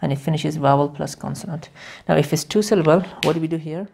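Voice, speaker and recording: A woman with a low, warm, slightly rough voice and some vocal fry teaches English grammar in a video lesson. She explains step by step, repeating key words again and again, and her delivery is halting, full of fillers and frequent restarts.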